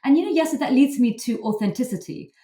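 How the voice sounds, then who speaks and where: A woman's voice: high-pitched, expressive, fast talker, mellow. A woman hosting a podcast interview, asking questions in a chatty way as she thinks aloud. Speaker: podcast host. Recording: echoey room, distant mic.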